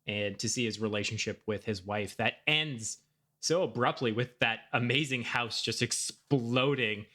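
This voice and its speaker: A man's voice: mid-range voice, unhurried, bright, forceful tone. A man co-hosting a movie podcast, laid-back and rambling with plenty of fillers. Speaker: podcast co-host. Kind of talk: casual movie-review chat.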